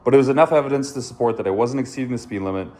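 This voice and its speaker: A man's voice: medium pitch, racing, dark tone. A motorcycle vlogger, a man, casually telling his viewers a story, candid and swearing freely. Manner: candid, swears often, addresses viewers as dude and bro.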